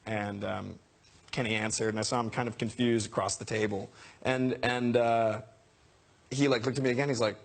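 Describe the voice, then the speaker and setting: A male actor in an interview, telling a story in an animated way, laughing and acting out the quotes. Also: mid-range voice, a little fast, heavy background noise.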